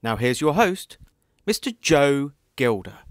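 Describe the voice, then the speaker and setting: A British man delivers an upbeat, announcer-style show intro. His pitch moves a lot as he speaks. The recording is dry and close. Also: very animated, slow, no room sound. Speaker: listener sending in a show intro.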